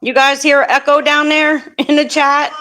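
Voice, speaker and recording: A woman's voice: high voice, level tone, a little slow, bright, forceful tone. A woman from the northeastern United States hosting a casual live stream chat, laughing easily and saying "like" a lot.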